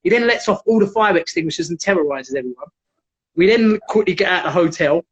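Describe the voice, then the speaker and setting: Man, high-pitched, animated storyteller, dull lo-fi livestream audio. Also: quick pace, breathy edge. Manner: animated, acts out quotes in raised voice. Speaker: guest, former MMA fighter. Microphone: video call.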